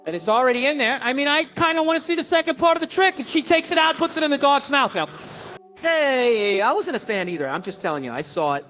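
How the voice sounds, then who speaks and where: A man's voice: extremely high pitch, quick pace, slight background noise. A man telling a profane stand-up story about his kids, acting out the people in it. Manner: profane, animated storytelling with acted quotes. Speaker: stand-up comedian.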